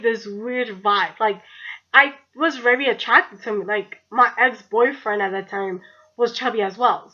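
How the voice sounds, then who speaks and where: A woman's voice: a little high, dull audio. A young woman, telling a story in a chatty, profane way, leaning on "like.". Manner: chatty, profane, heavy use of "like". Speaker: vlogger. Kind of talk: casual storytime.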